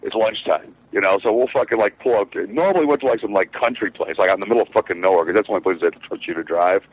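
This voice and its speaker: A man with a fairly low voice tells a story in fast, tumbling speech. He swears freely and loses his thread in fillers as he chats casually. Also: no room sound, highs cut off. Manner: rambling, profane storytelling with many fillers. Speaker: truck driver, show regular. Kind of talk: casual podcast chat.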